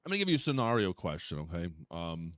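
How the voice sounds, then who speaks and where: A man's voice: sits low, very animated, fast talker, no room sound, studio quality. A man playing a police interviewer in a game role-play, asking questions with many hesitations. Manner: hesitant, filler-heavy questioning.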